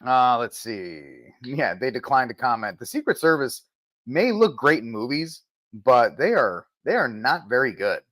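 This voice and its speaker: A man's voice: medium pitch, big pitch swings, moderate pace, a bit bright, dry recording. A man hosting a podcast, reading news items aloud and cutting in with sarcastic asides, streaming from the road. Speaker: podcast host. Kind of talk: casual news commentary, reading headlines. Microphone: mobile setup with spotty reception.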